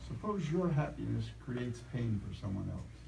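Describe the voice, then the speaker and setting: A man's voice: mid-range voice, sing-song, normal speed, vocal fry, warm tone, a little hiss or hum. A man in the audience asks a question, musing and searching for his words. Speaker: audience member asking a question. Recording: distant voice in an echoey room.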